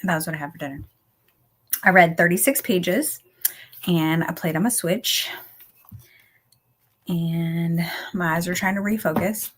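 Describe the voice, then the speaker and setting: A woman hosts a relaxed reading livestream. She chats easily with her viewers, laughs often and reads their messages aloud. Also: medium pitch, normal speed, long pauses. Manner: chatty, laughs often, talks to viewers as y'all. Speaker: livestream host reading chat. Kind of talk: casual chat on a reading livestream.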